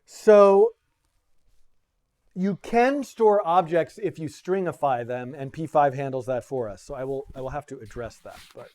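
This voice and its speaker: A man with a slightly high voice hosts a live coding tutorial from his home studio. He is chatty and playful, laughs at his own slips and jokes with his viewers as he explains. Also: unhurried, a little mellow. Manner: playful, self-deprecating, chatty with frequent laughs.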